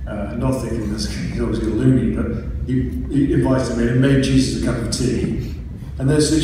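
A man talking to an audience about a record he produced, halting and full of restarts, with dry wry humor. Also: mid-range voice, steady tone. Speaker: record producer presenting a remix. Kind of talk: casual talk to an audience. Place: room with a live audience. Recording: distant echoey room with long reverb and hiss.

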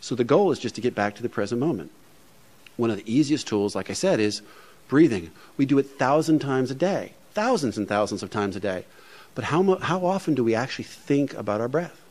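A man's voice: mid-range voice, sing-song, a little fast, a little mellow. A man speaking to a recovery meeting in a plainspoken, humorous, conversational way, often saying "you know". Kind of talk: speech to a meeting. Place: meeting room before an audience.

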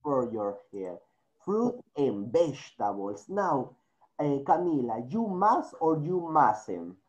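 A man's voice: mid-range voice, big pitch swings, takes it slowly, lo-fi sound. Male teacher on a video call. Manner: switches between English and Spanish, coaxing and repetitive. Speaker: English teacher. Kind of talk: online class, calling on students.

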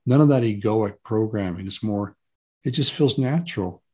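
A man with a low, husky voice, talking as a guest in an interview. He is earnest and emphatic and leans on repeated words to drive a point home. His delivery stays relaxed and conversational. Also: moderate pace.

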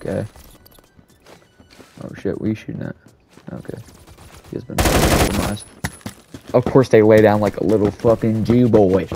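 A man's voice: on the low side, steady tone, normal speed, long pauses, very noisy. Profane, sarcastic gamer man with gunfire. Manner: profane, sarcastic rambling with sudden yelled outbursts. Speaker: gaming commentator. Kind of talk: gameplay commentary. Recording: loud game gunfire under the voice. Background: game gunfire and shots.

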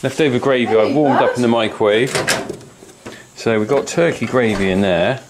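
Jokey dad in a noisy kitchen. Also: male voice, medium pitch, moderate pace. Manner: chatty, jokey, bossing the kids along. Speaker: host. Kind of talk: casual family cooking vlog. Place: home kitchen. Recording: noisy home recording.

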